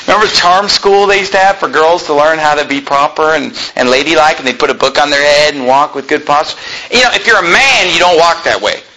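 A man's voice: a little high, a little fast, bright, forceful tone, low-quality recording. A pastor preaching a sermon from the pulpit in an emphatic style, firing rhetorical questions at his congregation. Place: church pulpit.

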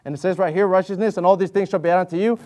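Man, high voice, sermon, earnest, conversational, emphatic stresses, slow measured scripture reading. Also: steady tone, a little mellow. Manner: reads scripture in slow, measured King James cadence. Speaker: lay preacher.

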